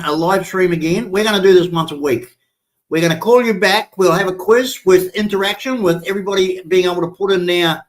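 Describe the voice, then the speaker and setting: Guy with a high voice hosting a stream, swearing and threatening, hammering every point. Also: a bit bright. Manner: threatening, profane, emphatic. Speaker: live stream host. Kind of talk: angry ranting live stream talk.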